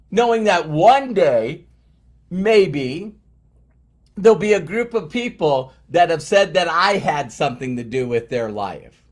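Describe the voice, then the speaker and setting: A middle-aged man gives a motivational talk at a deliberately slow pace. His voice sits slightly high for a man, and he presses his points by saying them again and again. He sounds earnest and emphatic throughout. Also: fairly bright tone. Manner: emphatic, repeats phrases for effect. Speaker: motivational speaker.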